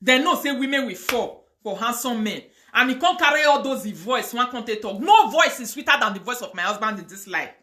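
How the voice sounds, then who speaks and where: Woman, Nigerian accent, bright voice, fiery chanting, live video rant. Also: on the high side, expressive, brisk, few pauses, a little hiss or hum. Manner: fiery, chanting curses and prayers, mixing pidgin. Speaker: online video host.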